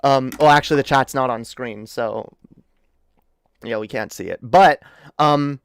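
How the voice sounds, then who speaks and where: A man streaming while tipsy, giving boastful, excitable, profane commentary on his old footage. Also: mid-range voice, a little slow, clean tone, dry recording. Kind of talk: reaction livestream commentary.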